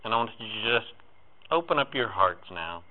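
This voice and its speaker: A man's voice: fairly low pitch, very animated, normal speed. A man leading a live group in a guided spiritual talk, speaking in repetitive, incantatory phrases that swell with emphasis. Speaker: spiritual workshop leader. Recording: tinny phone-like recording.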